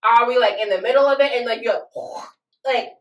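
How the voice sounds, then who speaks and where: A woman's voice: fairly high pitch, fairly quick, recorded from a distance. A young woman co-hosting a podcast, chatting bluntly and playfully, swearing often. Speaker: podcast co-host. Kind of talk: casual chat. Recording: echoey room, away from the mic.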